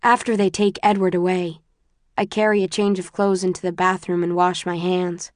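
A woman narrating a first-person audiobook in a measured, subdued way. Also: lowish voice, flat delivery.

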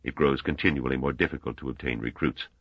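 Man doing a grave old professor guy, real deep and slow, kinda husky. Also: no echo, highs cut off, exaggerated voice. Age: older. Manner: grave, measured. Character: old male scholar, stern and commanding.

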